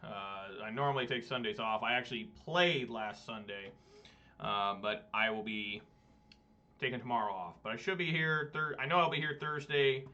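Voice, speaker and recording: A man's voice: medium pitch, moderate pace, bright, forceful tone. A married man streaming a card game, rambling and self-deprecating in casual gameplay commentary. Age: adult, married. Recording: dull lo-fi mic.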